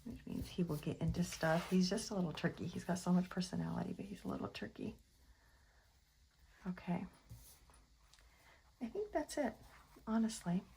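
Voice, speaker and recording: Chatty woman with a gravelly edge. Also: medium pitch, dark tone, a little hiss or hum, rough recording. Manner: rambling, half-whispered asides, coos baby talk at her cat. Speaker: planner vlogger. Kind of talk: casual chatty voice-over while crafting.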